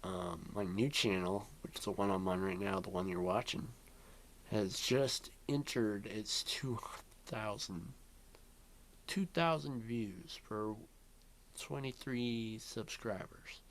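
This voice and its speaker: A young man records a loose, rambling vlog alone in his bedroom. His voice sits slightly low, and he drifts from thought to thought, filling gaps with ums and the odd yawn. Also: slow. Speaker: vlogger. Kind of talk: rambling casual vlog chat. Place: bedroom at home.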